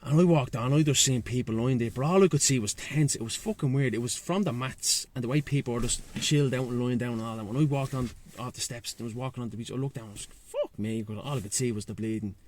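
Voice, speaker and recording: A man with a Dublin Irish accent, talking as a guest in a loose chat outdoors by the sea. He is frank and fired up, full of slang and swearing. His pitch sits in an ordinary middle range. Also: quick pace, hardly any pauses, a little mellow, slight background noise. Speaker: guest, breathwork and sea-swim facilitator. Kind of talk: casual chat.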